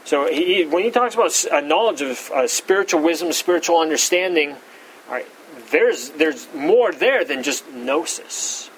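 A man with a fairly high voice leads a verse-by-verse Bible study. He hammers key words with sudden jumps in pitch and often backs up to restart a phrase. A faint hum of room noise sits under his voice. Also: lively intonation, moderate pace, low-quality recording. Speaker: Bible teacher.

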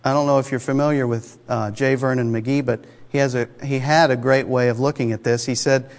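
A male preacher delivers his sermon in a conversational yet emphatic way. He often asks the congregation rhetorical questions. His mid-pitched voice carries with the long reverb of a church sanctuary. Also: fairly even intonation, brisk, few pauses. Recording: long reverb of a large hall.

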